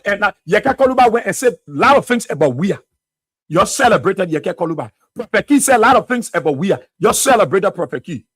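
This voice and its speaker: A man's voice: sits high, a bit bright, husky, dry recording. A Liberian man hosting a radio talk show, delivering fiery political commentary full of rhetorical questions. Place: radio studio.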